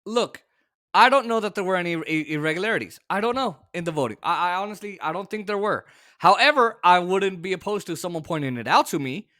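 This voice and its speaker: A man hosting a political commentary show, talking in an opinionated, sarcastic and exasperated way, with sudden shouted bursts. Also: sits high, animated, quick pace.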